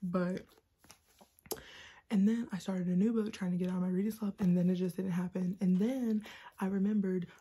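A sleep-deprived woman in a book vlog, talking fast and giddy in a half-whisper, with a mix of Southern and Californian American accent. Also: mid-range voice, fairly even intonation, mellow, breathy edge. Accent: mixed Southern and Californian American. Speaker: book vlogger. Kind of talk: excited early-morning book chat.

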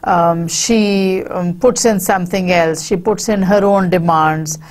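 A woman with a Pakistani accent giving a university literature lecture, explaining with frequent pauses and hesitations. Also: lowish voice, steady tone, a little mellow.

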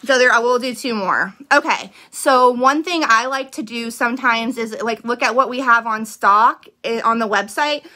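A woman's voice: on the high side, normal speed, few pauses, pushed and bright. A young woman giving casual business tips to camera, chatty and eager, with lots of "um" and "like". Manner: chatty, full of fillers like "um" and "like"; upbeat and eager.

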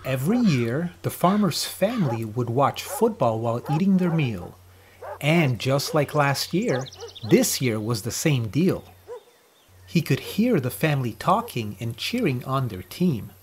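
A man narrating a rhyming children's story with a lively, sing-song delivery. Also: medium pitch, measured pace.

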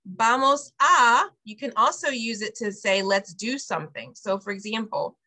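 A woman's voice: mid-range voice, expressive, normal speed, sharp tone. A woman leading an online Spanish class for parents over a video call, explaining phrases step by step. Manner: explains step by step, repeats phrases after the teacher. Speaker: preschool director teaching Spanish to parents.

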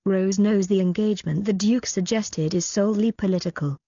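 A woman narrating an audiobook in a quick, even storytelling manner. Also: medium pitch, husky, dry recording, dull audio. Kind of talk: scripted narration.

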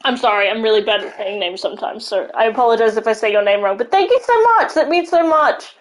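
A woman streaming a game live, talking to her viewers in a high, bouncy voice. She chats casually and gushes with excitement, her pitch swinging all over. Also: fast talker, low-quality recording. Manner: gushing, excitable, thanks followers. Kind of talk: casual live-stream chat while playing.

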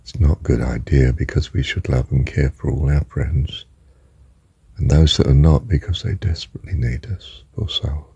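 Deep gravelly older man preaching slowly. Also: fairly even intonation, dry recording. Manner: emphatic, slow and deliberate, drops to a hushed whisper. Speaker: religious teacher. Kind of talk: spiritual talk.

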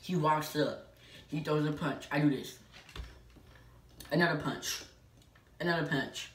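A woman with a low voice tells a personal story to her viewers, emphatic and full of filler "like"s. She sounds some distance from the mic in an echoey room. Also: measured pace, slight background noise. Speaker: vlogger. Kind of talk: casual storytelling.

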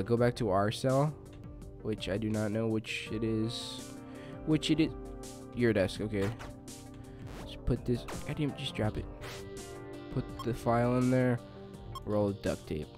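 A young man giving casual let's play commentary, chatting along and yelping in panic whenever his character is attacked. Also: lowish voice. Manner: excitable, yelps and shrieks when attacked. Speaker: gaming YouTuber.

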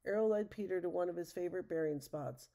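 A woman narrating a children's storybook aloud, steady and expressive. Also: on the low side, fast talker.

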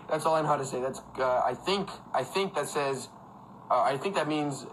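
A man's voice: on the high side, a little slow, a bit bright, slight background noise, rough recording. A young man hosting a casual phone livestream from home, talking loosely with lots of fillers and frequent laughs. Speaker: livestream host. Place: indoors at home with a fan.

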